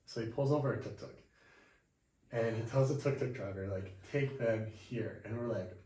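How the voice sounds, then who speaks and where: A young man hosting a podcast, telling a travel story in a relaxed chat at home and acting out the people he met. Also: mid-range voice, a little fast. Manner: animated, acts out quoted voices. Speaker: podcast host. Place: indoors at home. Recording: echoey room, mic far off, faint hiss.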